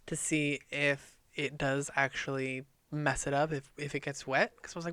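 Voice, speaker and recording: Bright, excitable man recapping a book. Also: a little high, moderate pace, no echo, studio quality. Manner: excitable, swears freely, retells the plot. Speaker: podcast co-host. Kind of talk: casual book-recap chat.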